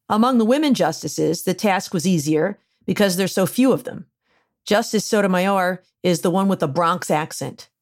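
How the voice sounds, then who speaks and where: A woman's voice: mid-range voice, a little mellow. Woman reading her opinion column aloud. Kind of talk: read-aloud opinion essay.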